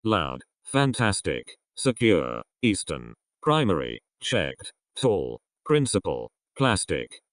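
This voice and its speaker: A man reading an English vocabulary list aloud, one word at a time with pauses. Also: sits low, huge pitch swings, no echo, clean studio sound. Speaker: vocabulary reader.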